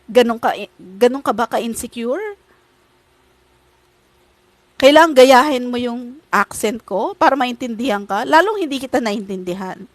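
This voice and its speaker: A woman's voice: a little high, animated, normal speed, no echo, poor audio. A woman hosting a podcast, giving blunt, profane advice and switching between English and Tagalog. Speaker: podcast host.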